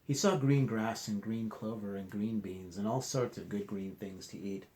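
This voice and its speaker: A male teacher reading a children's picture book aloud, animated and asking the class questions. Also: lowish voice, moderate pace.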